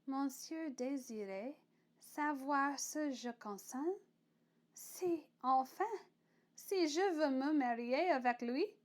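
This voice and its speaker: A woman voicing a shy, earnest young female pupil who speaks softly and hesitantly, often in French, in an audiobook reading of a classic novel. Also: sits high, takes it slowly.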